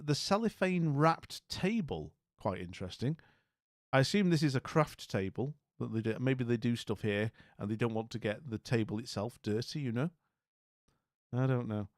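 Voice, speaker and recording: A man's voice: medium pitch, no room sound, clean studio sound. A man hosting a casual live chat, wry and rambling, often trailing off into mutters. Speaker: livestream host. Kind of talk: casual live chat reacting to house listings.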